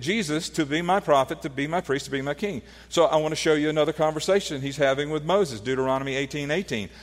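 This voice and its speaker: A man's voice: on the high side, long reverb tail. A man preaching a sermon, teaching earnestly with rhetorical questions and frequent restarts. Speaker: pastor.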